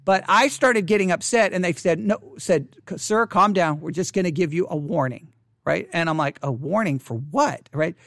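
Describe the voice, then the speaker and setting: A man's voice: sits high, normal speed, creaky, a bit bright, dry recording, clean studio sound. A man who hosts a Christian video channel, telling a personal story in an impassioned, indignant way and quoting what was said. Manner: impassioned, indignant, retells with quoted dialogue.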